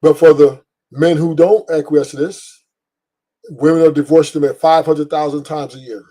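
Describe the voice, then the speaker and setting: Man, commentary host, mellow warm tone, lecturing, repeats himself. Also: a little high, steady tone, moderate pace. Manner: lecturing, repeats his points. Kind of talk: opinion commentary.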